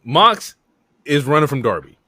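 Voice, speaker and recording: A man co-hosting a casual wrestling review podcast, recapping in a relaxed, steady way. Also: a little high, moderate pace, dry recording, clean studio sound. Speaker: podcast co-host.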